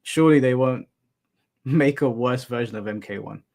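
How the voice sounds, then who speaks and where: A man's voice: mid-range voice, normal speed, vocal fry, a little mellow. A young adult man hosting a live stream, chatting casually with viewers and telling rambling anecdotes with casual swearing.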